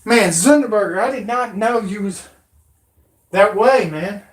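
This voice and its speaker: A woman's voice: mid-range voice, lively intonation, a little slow. Furious ranting woman, roomy echo. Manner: aggressive, profane, threatening. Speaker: channel host. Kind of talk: angry rant.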